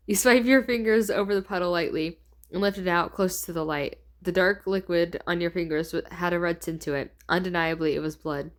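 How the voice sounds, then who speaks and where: A woman's voice: fairly low pitch, steady tone, moderate pace. A woman in her twenties reading her old fanfiction aloud, stumbling and correcting herself and laughing at her own writing. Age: 20s. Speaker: fanfiction reader.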